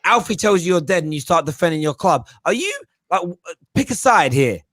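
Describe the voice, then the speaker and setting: Brief: fast, high-pitched man, dry mic, moderator cutting in. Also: very animated, fairly bright tone, no echo. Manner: challenging, cuts in. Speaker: panel moderator. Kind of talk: heated football fan chat.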